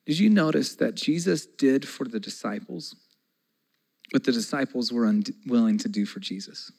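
A man in his forties preaching a conversational sermon as a pastor, moving between soft, slow passages and loud, excited ones. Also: medium pitch, vocal fry, slightly rough, low-quality recording.

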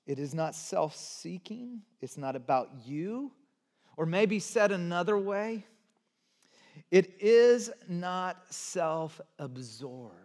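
A man in his forties delivers a sermon in a high, unhurried voice. He drops to near whispers, then builds to loud, emphatic runs. His words ring out with a long reverb off a large hall. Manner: animated, swings from hushed to loud emphatic. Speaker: pastor.

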